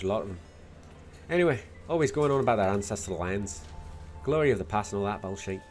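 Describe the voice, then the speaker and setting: A man voicing a tough, blunt Irish woman in a video game, with a put-on Dublin accent carrying a Scottish lilt and a rough, salty way of talking. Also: lowish voice, darkish tone, close to an everyday voice. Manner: gruff, salty, rough-spoken.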